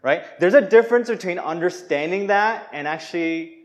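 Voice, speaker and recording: A man's voice: high-pitched, normal speed. A young adult man preaching a sermon in a casual, conversational way, with fillers and restarts, acting out quoted voices. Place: Hong Kong.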